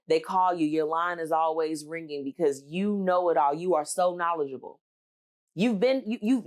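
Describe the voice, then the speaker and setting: A woman in her thirties hosting a podcast, telling a personal story and giving advice in an animated, emphatic way, talking straight to her listeners. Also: sits low. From United States. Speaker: podcast host.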